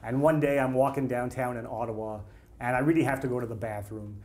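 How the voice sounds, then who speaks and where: A man, a screenwriter guest on a talk show, telling animated anecdotes with quotes acted out in a casual chat. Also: medium pitch, quick pace. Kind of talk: casual storytelling.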